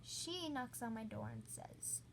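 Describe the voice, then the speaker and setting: A woman's voice: fairly high pitch, expressive, measured pace, gravelly, a little hiss or hum. A woman hosting a storytime channel, recounting a story in a rambling, casual way with lots of "like". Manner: rambling, heavy use of "like".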